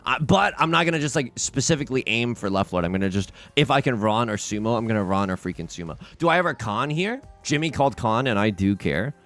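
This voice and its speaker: A man with a sore throat, giving excitable, jokey, self-mocking commentary while playing a game for his channel. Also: medium pitch, fast talker, hardly any pauses. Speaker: let's play host. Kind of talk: casual gameplay commentary.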